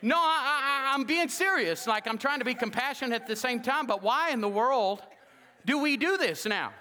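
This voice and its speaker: A man preaches in a high, sharp voice that carries. He is jokey and animated, slipping into the voices of the people in his stories. A long reverb trails each phrase around the sanctuary. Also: moderate pace. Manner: jokey, animated, acts out quoted dialogue. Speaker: pastor. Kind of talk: humorous sermon with storytelling. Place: church sanctuary.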